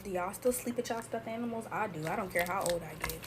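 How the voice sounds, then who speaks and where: A chatty young woman telling her story in a relaxed, yapping way, talking right to the people watching. her voice sits at a middle pitch, and a faint hum of room noise runs under it. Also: fast talker. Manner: chatty, talks straight to viewers as y'all. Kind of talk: casual storytime chat.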